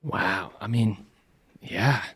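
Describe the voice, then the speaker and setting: A man's voice: fairly low pitch, extremely slow, fairly bright tone, breathy edge, no echo, clean studio sound. A man co-hosting a podcast, laid-back, mostly giving short agreeing replies and the odd question. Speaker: podcast co-host. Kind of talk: casual podcast interview.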